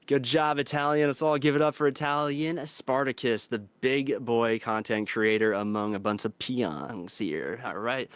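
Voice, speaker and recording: A man's voice: medium pitch, steady tone, measured pace, few pauses, fairly bright tone, clean tone, no echo. A man hosting a comedy roast on stream, reading crude jokes from his notes in a dry way. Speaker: roast host.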